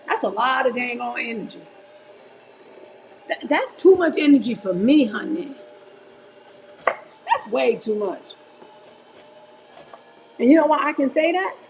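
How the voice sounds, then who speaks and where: Woman in her forties, livestream host, higher voice with a gravelly edge, chatty and candid, faint noise behind. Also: animated, a little slow, pauses often. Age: 40s. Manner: chatty and candid, often calls viewers "y'all". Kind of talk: casual livestream chat while preparing fruit.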